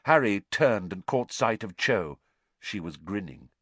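A man reading a story aloud as an audiobook narrator, in a lively, dramatic storytelling manner. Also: on the low side, unhurried, dry recording.

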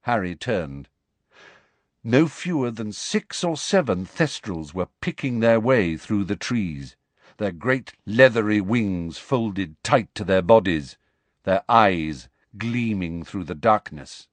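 A man narrating a novel as an audiobook, expressive storytelling into a close studio mic. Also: on the low side, takes it slowly, no echo.

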